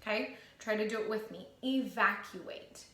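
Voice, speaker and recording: A woman teacher leading a phonics lesson for children, reading word pairs slowly and clearly. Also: mid-range voice, very noisy. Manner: slow, clear word-by-word prompting. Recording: echoey room.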